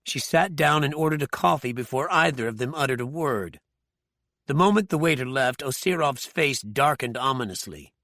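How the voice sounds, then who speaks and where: Gravelly male audiobook narrator. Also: mid-range voice, lively intonation, normal speed, bright, forceful tone, no echo, clean studio sound.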